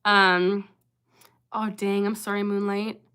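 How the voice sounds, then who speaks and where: A woman's voice: medium pitch, level tone, takes it slowly, bright, forceful tone, clear, resonant tone. A young woman hosting a casual livestream, chatting earnestly with viewers and breaking off with sudden vocal tics. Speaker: livestream host answering chat.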